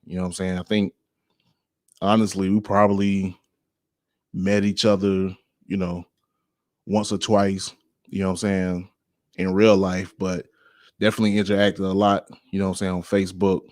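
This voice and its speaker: A man's voice: deep voice, level tone, moderate pace, pauses often, a little mellow, no room sound, clean studio sound. A man hosting his own podcast, talking in a laid-back, rambling way, full of slang and filler phrases. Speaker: podcast host. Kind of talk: casual podcast monologue.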